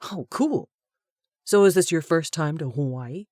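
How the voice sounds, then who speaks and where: A woman's voice: low voice, expressive, unhurried, mellow, dry recording, studio quality. Woman reading as a cocky young male show-off. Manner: brash, boastful.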